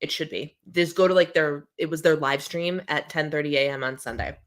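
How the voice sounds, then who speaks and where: A woman's voice: deep voice, a little fast. A woman in her thirties hosting a casual live-stream chat from home, with a scratchy throat, chatty as she reads out viewer comments and answers them. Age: 30s. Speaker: host.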